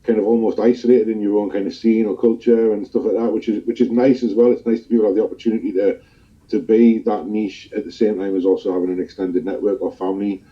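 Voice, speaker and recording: A man's voice: on the low side, steady tone, quick pace. A man, a guest in a casual interview, telling stories in a chatty, rambling way. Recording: dull lo-fi recording.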